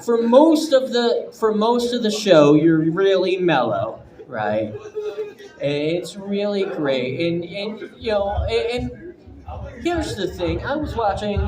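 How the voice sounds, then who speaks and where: A man telling a personal story to a live audience, animated and profane, stumbling through frequent restarts. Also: sits high, slow, crowd noise. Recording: echoey room with audience noise.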